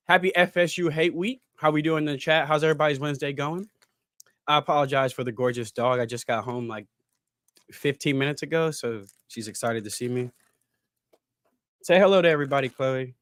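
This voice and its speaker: A man's voice: fairly high pitch, fairly bright tone, no echo. A man hosting a casual livestream podcast from home, talking loosely in slang and reading chat comments aloud. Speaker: podcast host.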